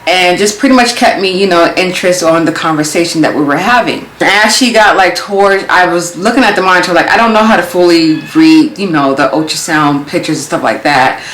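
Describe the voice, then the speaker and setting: Young woman vlogging, telling a story all animated, acting out what she was thinking, kinda echoey room. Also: lowish voice, a little fast, few pauses, a little hiss or hum. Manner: animated retelling, acting out her own thoughts. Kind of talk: casual storytelling vlog. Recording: roomy echo.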